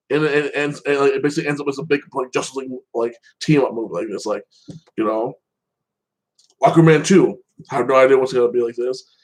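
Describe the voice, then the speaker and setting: A man's voice: a little high, poor audio. A man hosting a casual solo commentary show, rambling with many fillers and restarts. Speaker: channel host.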